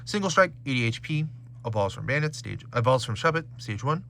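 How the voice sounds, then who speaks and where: A man's voice: medium pitch, brisk, creaky, a little hiss or hum. A man casually chatting while opening trading card packs at home, reading out card names and stats. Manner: animated, reads card names and stats aloud.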